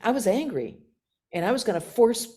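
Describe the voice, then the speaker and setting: A woman in her sixties from the United States, a nun giving a talk and telling stories from her life in an animated, self-mocking way. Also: fairly high pitch, normal speed. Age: 60s. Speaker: guest speaker, nun. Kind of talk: storytelling talk with questions.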